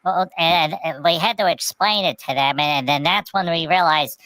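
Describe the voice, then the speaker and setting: A woman's voice: low voice, moderate pace, few pauses, fairly bright tone, dry recording. A woman telling a rambling anecdote in casual podcast chat, often restarting with repeated words. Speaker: storyteller on a podcast.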